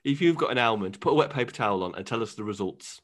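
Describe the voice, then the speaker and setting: A man's voice: lowish voice, expressive, fast, a bit bright. Jokey male podcast host. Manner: jokey, laughs often, riffs on silly scenarios. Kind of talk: comedic podcast banter.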